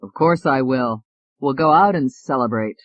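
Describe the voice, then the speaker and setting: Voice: mid-range voice, moderate pace, no echo, lo-fi sound, lightly acted. A narrator voicing an earnest young male lawyer who speaks in a subdued way.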